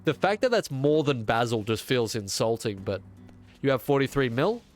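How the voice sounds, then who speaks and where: A young man with a stuffy, congested voice talks his way through a game stream at a middle pitch, trading sarcastic quips and mock outrage with his chat. Soft guitar music plays faintly underneath. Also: expressive, normal speed. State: congested, sick. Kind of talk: casual gaming stream chat.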